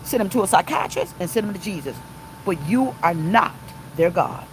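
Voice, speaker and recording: A woman's voice: mid-range voice, animated, normal speed, slight background noise, rough recording. A woman pastor preaching an informal livestream sermon, emphatic and repeating her points to viewers. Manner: emphatic, repeats phrases, talks to live viewers.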